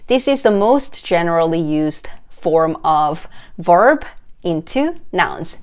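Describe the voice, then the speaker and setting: A woman teaching a grammar lesson, explaining slowly in English and reading example sentences quickly. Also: mid-range voice. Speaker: Korean language teacher.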